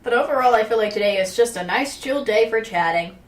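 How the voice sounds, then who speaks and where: A woman's voice: a little high, fairly quick. Rambling woman streamer at home. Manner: rambling and chatty, with many fillers and restarts; clears her throat and sneezes now and then. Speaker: live streamer. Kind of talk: casual chat stream.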